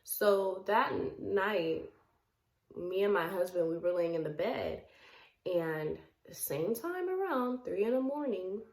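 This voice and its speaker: A young woman vlogger telling a personal story in a casual, animated way. She laughs often and acts out the lines that people said. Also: medium pitch. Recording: echoey room.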